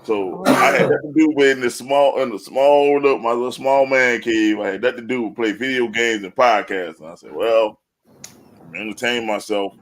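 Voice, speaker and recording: A man's voice: medium pitch, brisk. Male podcast host, laughing storyteller, casual and profane. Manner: laughing storyteller, swears freely. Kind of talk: casual chat.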